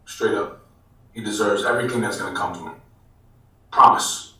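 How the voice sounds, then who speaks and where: A man telling a story in a casual interview, animated and swearing freely, calling people bro. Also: fairly low pitch, moderate pace. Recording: echoey room, mic far off.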